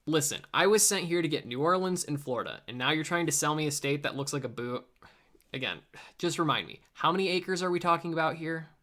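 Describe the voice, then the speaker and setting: A man's voice: a little high, lively intonation, fairly quick, pushed and bright. A man playing an eager, slightly awkward American envoy in a comedy sketch, patiently explaining things. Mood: flustered. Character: earnest, flustered male American envoy.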